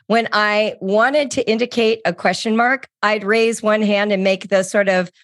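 A middle-aged woman co-hosting a podcast, explaining teaching tricks in a lively, example-filled way. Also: mid-range voice, unhurried, no room sound, clean studio sound. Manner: animated explainer, acts out examples. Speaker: podcast co-host. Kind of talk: casual teaching chat.

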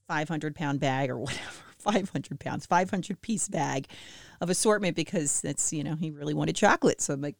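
A woman in her thirties chatting casually and self-deprecatingly to listeners about family life, with lively swings in her voice. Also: deep voice, dry recording, clean studio sound. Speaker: mom sharing family updates with listeners. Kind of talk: casual chat.

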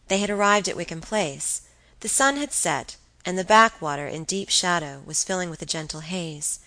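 A woman's voice: lowish voice, moderate pace, bright, forceful tone, no echo, rough recording. A woman narrating a classic novel as an audiobook reader, reading expressively.

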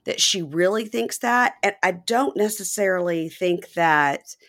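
A woman from the Deep South, co-hosting a podcast and joking through a casual recap. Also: a little slow. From American Deep South. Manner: animated, joking, lively asides. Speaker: podcast co-host.

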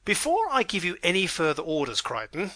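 A man plays a pompous, blustering aristocratic father, all lordly bluster and indignation. His voice leaps about with animated, lively pitch and a bright, forceful edge. Recorded dry and close. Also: fairly quick, no room sound, exaggerated voice. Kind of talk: amateur audiobook drama reading.

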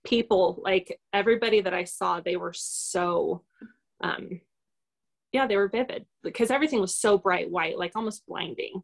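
A woman guest talks through a personal experience in a loose, unscripted way. Her voice has a gravelly, creaky texture, and she keeps pausing on fillers and restarting her sentences. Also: mid-range voice. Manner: rambling, hesitant, many fillers. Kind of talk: casual personal storytelling in an interview.

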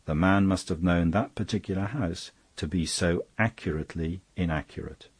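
A man's voice: deep voice, moderate pace, breathy edge, dry recording. A man reading aloud, voicing a mild, thoughtful male priest who reasons soberly. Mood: earnest. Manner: sober and reflective, puzzling things out.

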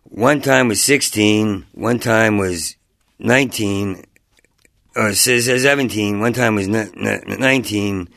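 Middle-aged New comic, gravelly and dry, stammers through rambling stories. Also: male voice, on the low side, slow, fairly bright tone, no echo. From New Jersey. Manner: heavy stutter, rambling and self-interrupting. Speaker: guest comedian. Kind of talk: casual interview chat.

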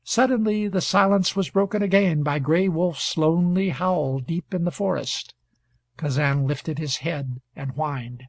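A man narrates a novel in a steady, measured way. His somewhat high voice has a gravelly, husky grain, and the recording is close and dry. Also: dry recording. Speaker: audiobook narrator. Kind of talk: scripted narration.

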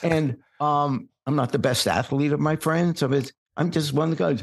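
An older man, a podcast guest born in England, telling long stories in a relaxed, wry conversational way. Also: on the high side, normal speed, creaky, breathy edge. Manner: relaxed anecdotal storyteller, wry asides. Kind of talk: storytelling in conversation.

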